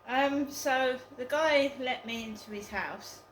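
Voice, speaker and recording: A woman's voice: high-pitched, echoey room, slight background noise, poor audio. A woman telling a story in a casual vlog, hesitant and full of ums. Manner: slow, hesitant, with many ums. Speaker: vlogger.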